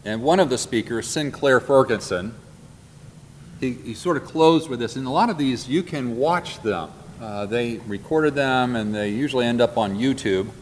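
Earnest male Bible teacher in reverberant hall. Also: medium pitch. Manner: earnest, repeats and slows down on key points. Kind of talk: classroom Bible lecture. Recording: long hall reverb, faint background noise.

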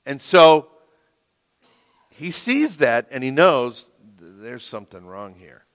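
Slow-preaching pastor man in a reverberant church. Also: medium pitch, big pitch swings. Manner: slow, emphatic preaching with rising, loud stresses. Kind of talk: sermon. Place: church sanctuary. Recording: long reverb of a church hall.

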